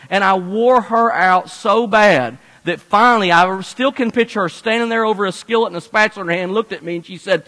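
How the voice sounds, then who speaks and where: A male pastor preaching a sermon, his voice high and bright as he tells stories with playful asides. He sounds from a big hall with a long reverb. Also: fairly quick, hardly any pauses. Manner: animated storytelling, playful asides.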